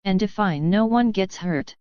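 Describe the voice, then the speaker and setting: A woman's voice: medium pitch, a little slow, clean tone, no room sound, natural voice. A woman voicing a cool, dangerous female spy who speaks evenly, in a storybook reading with a dry, slightly dull recording. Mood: cold. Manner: even, cold.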